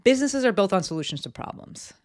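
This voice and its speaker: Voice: mid-range voice, sing-song, fast talker. Jersey-raised podcast host rambling casually from a home office, lots of um and like, middle voice. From East Coast US, New Jersey. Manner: chatty and candid, frequent ums and likes, casual swearing. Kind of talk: casual solo business podcast.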